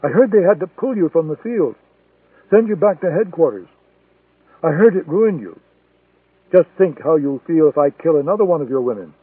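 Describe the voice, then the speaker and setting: A man voicing a cold, menacing male assassin who taunts in a deliberate, threatening way. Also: a little high, expressive, slightly rough, dry recording, recorded from a distance. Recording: tinny phone-like sound, dry.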